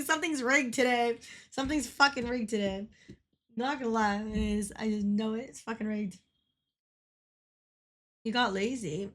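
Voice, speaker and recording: A woman's voice: high-pitched, fairly bright tone. A woman streaming a game, chatting casually with viewers, giggling often and swearing freely when she gets worked up. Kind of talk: casual livestream chat.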